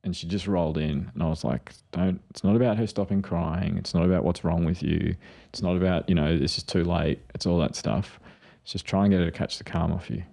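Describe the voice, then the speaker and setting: A man with a very low, gravelly and husky voice. He talks through parenting ideas in a casual podcast chat. He slips into quoted voices to tell his stories. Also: steady tone, a little fast, mellow. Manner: storytelling, acts out quotes. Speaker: podcast co-host, mental health clinician.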